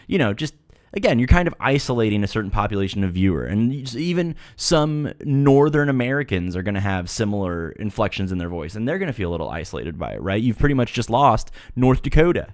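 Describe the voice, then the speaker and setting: A man's voice: lowish voice, big pitch swings, fast, no room sound. A man giving mock-serious commentary on a video, lecturing earnestly with playful asides. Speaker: video reviewer.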